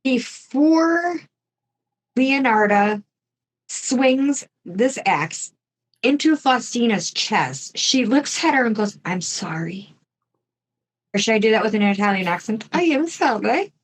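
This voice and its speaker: Woman, podcast co-host, casual true-crime storytelling, slow pace, chatty asides. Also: a little high, animated. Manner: chatty, with asides and mild swearing.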